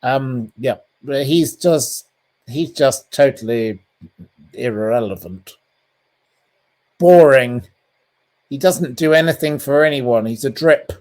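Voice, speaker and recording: A British-accented journalist from England talks slowly with long pauses in a mid-range, slightly mellow voice. In this call interview he gives blunt, withering opinions, peppered with ums and restarts.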